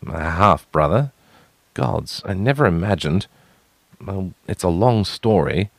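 A man's voice: low-pitched, lively intonation, a little slow, vocal fry, no room sound, full character voice. A man voicing a weary but proud young royal half-brother, earnest as he explains.

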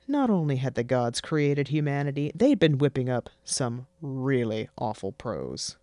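A narrator reading a fantasy story in a wry, deadpan way. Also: medium pitch, unhurried, no room sound. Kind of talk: scripted fiction narration.

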